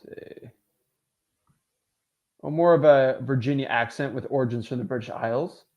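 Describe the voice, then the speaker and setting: A man's voice: medium pitch, normal speed, a little mellow, muffled recording. A man coaching real estate wholesalers in a casual livestream, answering viewer comments in an emphatic, motivational way.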